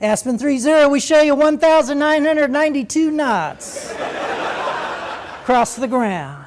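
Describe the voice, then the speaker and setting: A man's voice: very high voice, expressive, measured pace, pitched above the performer's own voice. A man putting on a sing-song air traffic controller. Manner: sing-song, formal radio delivery.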